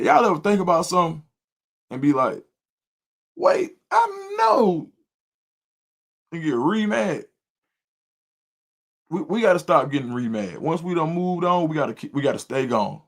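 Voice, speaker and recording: Middle-aged man, animated livestream storyteller and host. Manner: animated storyteller, jumps to high loud voice when quoting himself. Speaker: volunteer youth football coach and show host.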